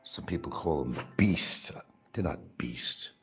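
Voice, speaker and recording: Low-pitched man, lively sing-song delivery, wry rambling, casual home livestream. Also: slow, vocal fry, faint music behind. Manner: wry, sing-song, talks to his dogs. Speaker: livestream vlogger.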